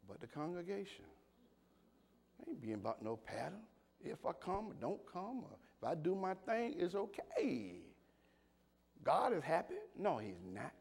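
Pastor, male, high voice, swooping animated delivery, call-and-response sermon. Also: moderate pace, vocal fry, husky. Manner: call-and-response preaching, rising to shouts.

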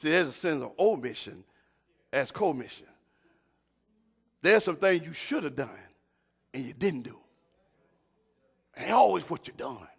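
A man preaching a sermon, calling out to his congregation, repeating himself and building up to shouts. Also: on the high side, vocal fry, slightly rough. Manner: call-and-response, rising to shouts; repeats words and restarts often.

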